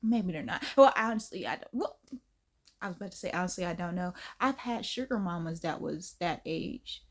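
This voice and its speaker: A woman's voice: fairly low pitch, expressive, brisk. A woman hosting a reaction video, chatting casually and exclaiming often.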